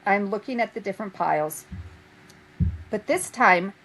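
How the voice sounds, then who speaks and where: A woman guest telling anecdotes in a casual chat, animated, laughing often and acting out what people said. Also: medium pitch, moderate pace, low-quality recording. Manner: animated storyteller who laughs often and acts out quotes. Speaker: guest, vintage fabric reseller.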